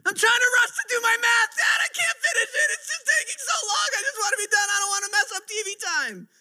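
A man voicing a frustrated little boy who is whining near tears and shouting. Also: very high-pitched, fairly even intonation, fast talker, voice pushed up, heavily acted. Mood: whining, tearful.

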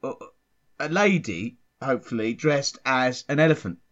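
A man co-hosting a comedy podcast, talking in a rambling, hesitant, deadpan way. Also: mid-range voice, moderate pace. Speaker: podcast co-host. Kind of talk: casual comedy chat. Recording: dull lo-fi sound.

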